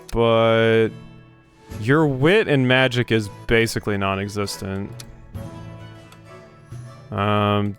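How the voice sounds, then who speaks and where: Wry man doing casual game commentary. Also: mid-range voice. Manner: wry, joking, with many fillers. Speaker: gaming channel host.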